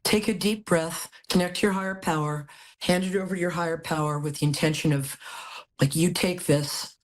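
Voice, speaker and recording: A woman's voice: fairly low pitch, a little fast. A woman hosting a live call-in tarot reading, chatty and affectionate, a little out of it after a hospital stay. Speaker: psychic reading host.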